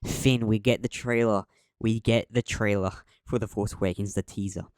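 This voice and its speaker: A man's voice: on the low side, steady tone, normal speed, darkish tone, no room sound, studio quality. A young man co-hosting a podcast, chatting casually and rambling, with many ums and restarts. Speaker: podcast co-host.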